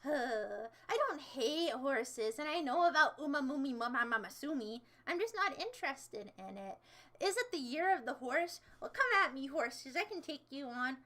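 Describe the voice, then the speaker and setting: A young woman with a high, bright voice chats to her livestream viewers. She rambles from one thing to the next in a playful, theatrical way and throws in sudden dramatic outbursts. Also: animated, moderate pace. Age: young adult. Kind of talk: casual livestream chat.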